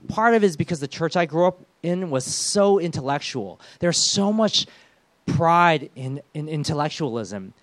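A man in his thirties preaching a sermon, lively and acting out the voices of the people and of God as he speaks. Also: on the high side, no echo. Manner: animated, acts out voices of God and the congregation. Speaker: pastor.

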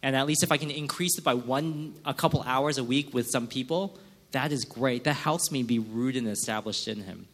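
A male pastor preaching a sermon in a church, acting out quick mock prayers and complaints. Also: medium pitch, a bit bright. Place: church sanctuary.

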